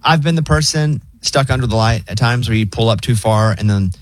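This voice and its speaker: A man hosting a radio show, chatting casually and teasing his co-host with quick questions. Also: mid-range voice. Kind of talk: casual morning radio chat.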